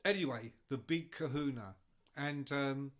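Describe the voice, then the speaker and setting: A man's voice: mid-range voice, a little slow, fairly bright tone. A man telling rambling road anecdotes in casual chat, swearing freely as a podcast guest.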